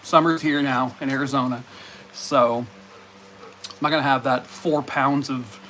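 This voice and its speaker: A man's voice: mid-range voice, fairly even intonation, measured pace, bright, forceful tone, slight background noise. A man live streaming from home, chatting casually and playfully scolding and baby-talking his dogs. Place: home in Arizona.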